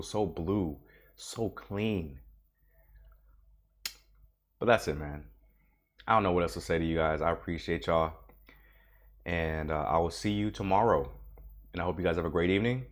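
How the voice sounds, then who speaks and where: A man hosting a casual travel vlog, with a stuffed-up, congested voice, talking in a relaxed, rambling way. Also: low-pitched, unhurried, pauses often. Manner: laid-back, rambling, repeats himself. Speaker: travel vlogger, host.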